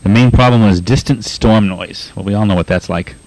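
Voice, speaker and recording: Low-voiced Boston man reading letters. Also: a little mellow, no room sound, low-quality recording. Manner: laughs often, halting with many uhs. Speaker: pirate radio host. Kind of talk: casual on-air chat reading listener letters.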